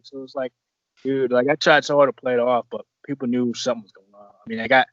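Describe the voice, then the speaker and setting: Rambling wrestler guest, dull lo-fi sound. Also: male voice, medium pitch, little pitch movement, quick pace, fairly bright tone, no echo. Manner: rambling, profane, restarts often. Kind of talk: casual podcast storytelling.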